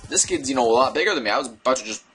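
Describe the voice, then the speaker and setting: A young man telling a story casually to his viewers, rambling and digressing with an animated delivery. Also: medium pitch, very fast, soft background music. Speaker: vlogger.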